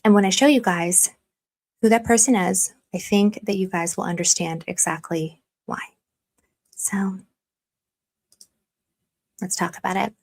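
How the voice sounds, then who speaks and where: Measured in pace and steady in tone, this young woman's mid-range, darkish voice pauses often. She hosts a casual livestream commentary, reading chat aloud, chatting in a self-deprecating way, and teasing viewers with mock stern warnings.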